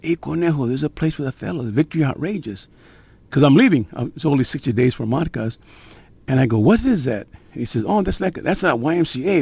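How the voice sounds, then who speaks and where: An older man tells his conversion story in a gravelly, husky voice, recorded dry and close. He keeps it conversational and streetwise and builds suspense with little asides to the listener. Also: medium pitch, a little mellow, no room sound. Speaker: guest sharing his conversion testimony. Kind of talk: personal testimony storytelling.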